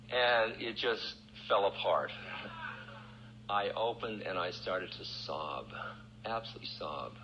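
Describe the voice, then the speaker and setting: A man's voice: lowish voice, lively intonation, slow pace, long pauses. A male spiritual teacher telling a personal story in a candid, self-mocking way, often breaking into laughter. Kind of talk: storytelling talk. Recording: dull, lo-fi archival recording with faint hiss.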